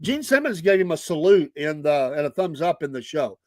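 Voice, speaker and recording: Man, middle-aged, chatty host, high voice, dry close sound. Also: very animated, brisk, no echo. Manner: chatty, laughs often. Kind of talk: casual storytelling livestream.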